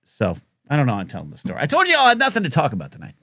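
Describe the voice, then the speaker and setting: A man's voice: a little high, wildly swooping pitch, very fast, fairly bright tone, no room sound. A man hosting a live talk show, telling a rambling story full of fillers and restarts.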